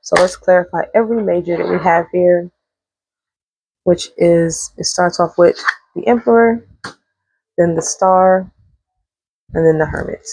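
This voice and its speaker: A woman's voice: fairly low pitch, measured pace, creaky, long pauses, a little mellow, breathy edge, dry recording, rough recording. A woman giving a casual tarot reading, chatty and rambling, who swears freely. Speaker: tarot reader.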